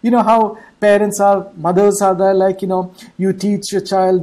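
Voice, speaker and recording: A woman's voice: mid-range voice, little pitch movement, moderate pace, hardly any pauses, warm tone, low-quality recording. A woman preaching an online church sermon, repeating her points and checking in with the listeners through rhetorical questions.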